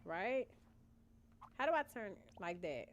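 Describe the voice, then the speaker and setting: With a mid-range, sing-song voice and a slightly slow delivery, a young woman chats with her stream viewers, playing and musing aloud and calling them "y'all." The highs are cut off, and faint game music sits in the background.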